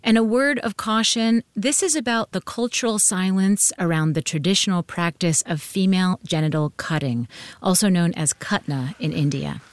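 A woman's voice: on the low side, expressive, normal speed, no echo. Composed woman host introducing a story. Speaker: podcast host. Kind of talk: scripted introduction. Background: faint music.

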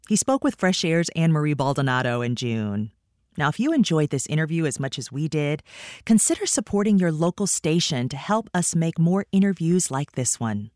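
A woman's voice: sits low, no echo, studio quality. A woman radio host giving a polished, scripted show outro. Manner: polished, even read.

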